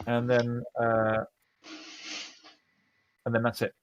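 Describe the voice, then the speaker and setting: A man running a tabletop role-playing game, narrating the action with lively energy. He slips into quick, squeaky character voices now and then. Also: highs cut off. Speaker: game master.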